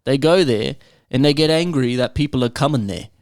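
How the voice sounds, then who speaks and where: A man's voice: medium pitch, brisk, no echo, studio quality. A young Australian man chatting casually on a podcast, telling stories with plenty of swearing and laughter. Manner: laid-back, profane storyteller who laughs often. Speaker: podcast panelist. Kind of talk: casual chat.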